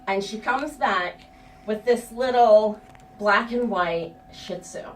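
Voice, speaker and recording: A middle-aged woman tells a personal story live on stage, her medium-pitched voice slow, frank and profane as she laughs at herself. The distant mic picks up an echoey room, faint ambience and a little hiss or hum.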